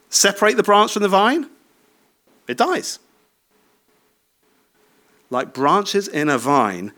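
A man's voice: fairly high pitch, bright, forceful tone. A man in his thirties preaching a sermon in a conversational way, often asking the listeners short tag questions and laughing lightly.

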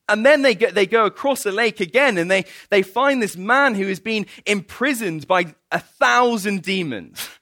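A man preaching a sermon and telling a story in an animated, playful way, often laughing. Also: a little high, no room sound.

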